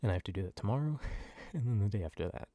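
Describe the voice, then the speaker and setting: A man on a close microphone in a soft-spoken ASMR ramble, ranting loosely with lots of fillers and swearing, sometimes sinking to near whispers. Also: fairly low pitch, lively intonation, rapid-fire, dry recording. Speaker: ASMR channel host.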